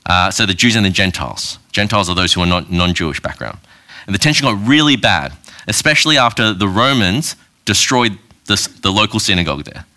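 A man's voice: fairly low pitch, animated, brisk, pushed and bright. A man preaching a sermon in a conversational way, often asking the congregation questions and checking in with "all right". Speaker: pastor.

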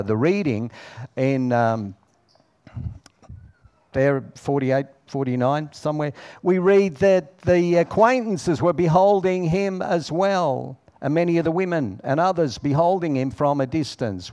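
Male preacher, middle-aged, slow and deliberate, dramatic swings from hushed to loud. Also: fairly high pitch, smooth. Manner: dramatic, swings between hushed and raised delivery, acts out dialogue. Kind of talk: sermon.

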